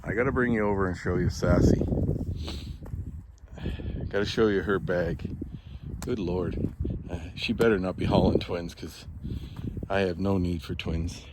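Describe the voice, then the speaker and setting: A man, a rancher, chatting casually on a vlog as he walks his calving yard outdoors and talks fondly to his cows. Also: low-pitched. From Alberta, Canada. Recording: outdoor wind and noise.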